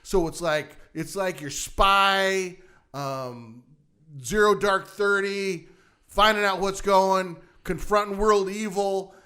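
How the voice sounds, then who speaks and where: A man co-hosting a casual show-review chat, rambling and halting with many fillers and restarts. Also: high voice, bright, forceful tone. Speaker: podcast co-host.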